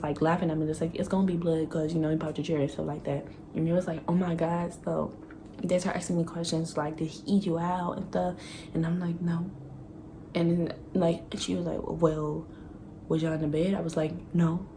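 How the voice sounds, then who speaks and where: A woman's voice: deep voice, level tone, fairly quick, noisy background. Profane, candid young woman vlogger. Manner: candid and profane, laughing often, acting out her past self. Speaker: vlogger telling a story. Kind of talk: casual storytime.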